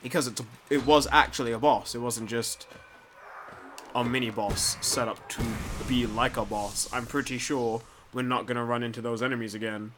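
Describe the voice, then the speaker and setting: Young man, casual game commentary, bright forceful tone, faint music behind, swears, mutters then bursts out. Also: medium pitch, normal speed. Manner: rambling, swears freely, talks to the screen; mumbles softly, then jumps into loud excited outbursts. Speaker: gameplay commentator. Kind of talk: casual let's play commentary.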